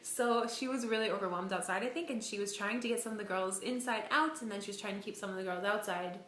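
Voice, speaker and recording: A young American woman in her twenties, a volunteer, chatting casually about her day and telling stories in an animated way. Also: medium pitch, fast, a little hiss or hum. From United States. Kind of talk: casual chat. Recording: echoey room.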